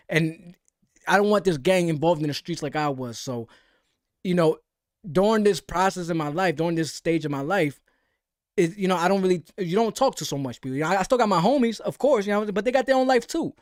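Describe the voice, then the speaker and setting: Studio-quality audio with no echo captures a young American livestream host whose voice sits high. He loosely chats about boxing while reading viewer comments, packing in slang and repeating "you know what I'm saying" again and again.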